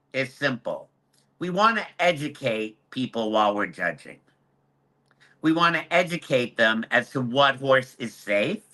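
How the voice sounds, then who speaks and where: Guy on a video call, super bright sharp voice, keeps repeating his main point so it sticks. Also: medium pitch. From United States. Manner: earnest, repeats key points for emphasis. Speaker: hunter horse trainer and judge. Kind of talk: expert guest answering questions.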